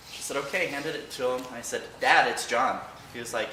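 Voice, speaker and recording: A man giving an emotional personal remembrance of his late father to a church congregation, halting at times but with wry humor. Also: medium pitch, bright, forceful tone, recorded from a distance, a little hiss or hum. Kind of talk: personal storytelling speech. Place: large church hall. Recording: echoey hall, picked up from afar.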